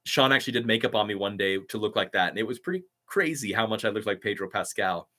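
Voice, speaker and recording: A man's voice: fairly low pitch, animated, quick pace, sharp tone. A male voiceover artist hosting a casual live stream, answering viewer comments in an eager, chatty and grateful way.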